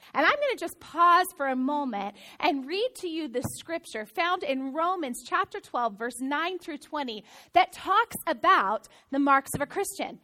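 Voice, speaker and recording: A woman pastor giving a sermon, telling a playful, self-mocking story with bursts of excitement. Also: high-pitched.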